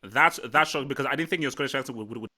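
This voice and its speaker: A man's voice: medium pitch, very fast. A man hosting a casual live football chat, rambling and repeating himself as he talks. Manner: rambling, repeats words, animated. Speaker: livestream host.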